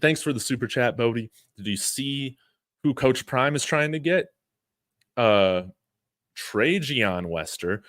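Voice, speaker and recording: Male sports streamer, low voice, dry close sound, loose rambling chat with fillers. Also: dry recording. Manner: relaxed, rambling, frequent fillers and chuckles. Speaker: sports channel host. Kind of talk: casual live-stream chat reading super chats.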